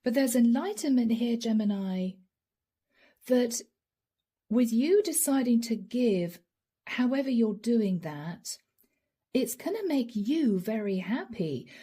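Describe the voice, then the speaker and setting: Tarot reader, woman, mellow husky voice, earnest and emotional, slips into whispers. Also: a little high. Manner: earnest, emotional, addresses viewers directly; drops to soft whispers. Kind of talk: channeled tarot reading.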